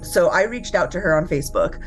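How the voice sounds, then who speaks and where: Chatty woman telling a story, low-pitched. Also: expressive, a little fast, soft background music. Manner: chatty, lots of "like" and quoting others. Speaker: interviewed homeowner. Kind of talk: casual storytelling interview.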